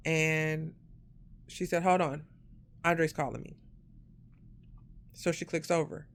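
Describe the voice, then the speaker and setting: Animated woman telling a personal story. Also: deep voice, takes it slowly, slight background noise. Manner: animated, acts out quoted voices, rises loud when indignant. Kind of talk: casual storytime monologue.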